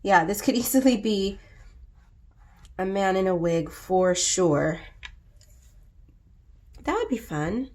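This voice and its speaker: A woman's voice: mid-range voice, expressive, slow pace, pauses often, a little mellow. A congested woman hosting a coloring video, chatting casually in a playful, rambling way with plenty of swearing. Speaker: coloring book artist and host. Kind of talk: casual chat while coloring.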